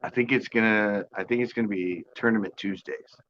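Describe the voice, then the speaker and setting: A man's voice: lowish voice, fairly even intonation, brisk, lo-fi sound, a little hiss or hum. A man hosting a live fishing stream from his porch, chatting casually with viewers, joking and sarcastic, with frequent laughs. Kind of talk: casual live-stream chat, reading comments.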